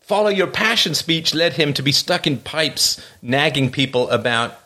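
A man talking casually with a co-host about a film, joking and sarcastic about how little sense it makes. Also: moderate pace. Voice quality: lively pitch, jokey and sarcastic about film logic. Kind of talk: casual chat.

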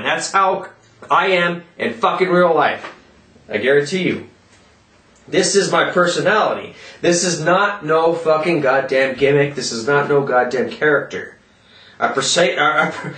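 A man ranting loudly in a vlog, cursing constantly and yelling as he talks, in a roomy echo from a distant mic. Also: a little high. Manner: profane, loud, yelling rant. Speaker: vlogger.

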